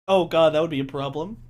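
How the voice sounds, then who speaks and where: A man narrating as game master in a casual, profane way, laughing often. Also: a little high.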